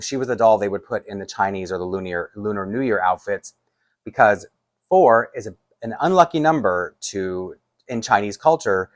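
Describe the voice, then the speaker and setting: A man, chatting casually to camera as a doll collector, rambling with many restarts and light laughs. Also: fairly low pitch. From Canada.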